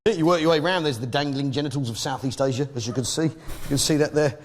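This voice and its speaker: A man's voice: a little high, fast talker. A man with a British accent doing a blustering stand-up comedy routine, joking with the crowd. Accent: British English. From Britain. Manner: brash, blustering, jokes with the crowd.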